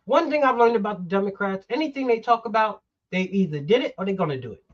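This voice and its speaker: A man's voice: sits high, expressive, fast talker. Emphatic male host, lo-fi sound. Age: middle-aged. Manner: emphatic, heated, swears. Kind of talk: political talk show.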